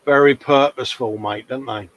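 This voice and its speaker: A man's voice: mid-range voice, moderate pace, fairly bright tone, highs cut off. A man hosting a casual live-stream chat, matey and full of tag questions. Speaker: host.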